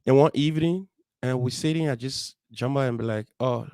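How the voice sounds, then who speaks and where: A man's voice: medium pitch, brisk, warm tone, clean tone, no echo, clean studio sound. A young adult man with a Liberian English accent, host of a motivational show, telling his life story in an earnest, heartfelt way. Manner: earnest, heartfelt, acts out dialogue. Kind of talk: personal storytelling.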